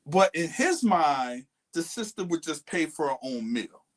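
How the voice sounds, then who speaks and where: A podcast co-host animatedly retells a story in casual chat, acting out quoted voices. His voice is a little high and his pace measured.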